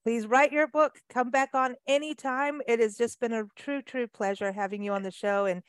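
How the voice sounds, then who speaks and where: A woman hosting a radio show, talking in a chatty, animated way with lots of fillers. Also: a little high, moderate pace, clean tone, dry recording. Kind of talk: casual radio interview chat.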